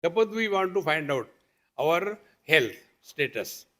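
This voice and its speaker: Male swami, slow and patient spiritual talk with gentle humor, somewhat high-pitched. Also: sing-song. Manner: patient, questioning, with homely examples and light humor. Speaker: swami teaching at a meditation retreat. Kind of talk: spiritual discourse.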